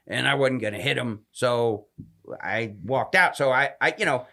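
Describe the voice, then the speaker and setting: A male comedian telling a story in a podcast interview, animated and self-mocking, with frequent swearing. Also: medium pitch, moderate pace, vocal fry. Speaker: comedian guest.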